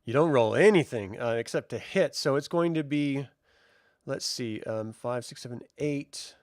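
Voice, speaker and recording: A man's voice: mid-range voice, normal speed, no room sound, studio quality. A man running a tabletop game as game master, explaining rules patiently and laughing easily.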